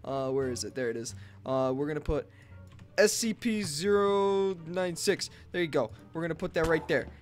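Excitable young gamer guy, lively pitch. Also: moderate pace, soft background music. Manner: excitable, rambling, yelps and laughs. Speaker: gaming channel host. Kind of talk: casual gameplay commentary.

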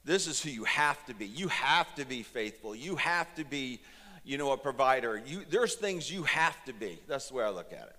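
A man's voice: medium pitch, pushed and bright, in a large hall. A man in his fifties preaching a sermon as pastor, telling a personal story in an earnest, emotional way.

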